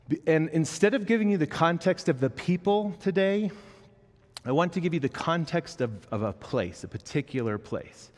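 A man in his thirties, a pastor giving a sermon, reading scripture and then telling a lively personal story about his son, acting out the children's lines. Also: mid-range voice. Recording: long reverb of a large hall.

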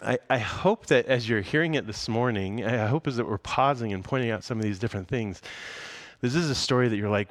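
Male pastor, casual sermon delivery, lots of rhetorical questions, mid pitch, dry close sound. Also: a little fast, dry recording.

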